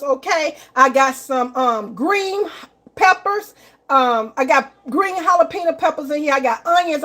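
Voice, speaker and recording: Chatty high-voiced woman streaming live. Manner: chatty, apologetic, addresses viewers as y'all and baby. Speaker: live-stream cooking host. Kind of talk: casual live-stream chat.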